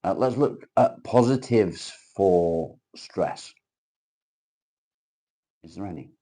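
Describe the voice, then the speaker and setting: A man speaks in a deep, husky, mellow voice as he hosts a casual live chat. He reads comments aloud and answers with crude, teasing banter. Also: lively intonation, slow. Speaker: livestream host.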